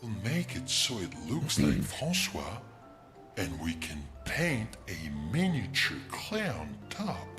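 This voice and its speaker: A woman's voice: extremely low pitch, huge pitch swings, takes it slowly, a bit bright, faint music behind, exaggerated voice. A woman voicing a playful, upbeat young companion in a video game, cheerful and teasing.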